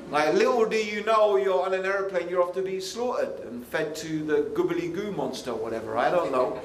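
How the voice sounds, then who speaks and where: A man from the United Kingdom preaching a lively, conversational sermon to young people, full of asides. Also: sits high, a little fast, few pauses. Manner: animated, conversational, frequent asides. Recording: echoey hall, faint ambient noise.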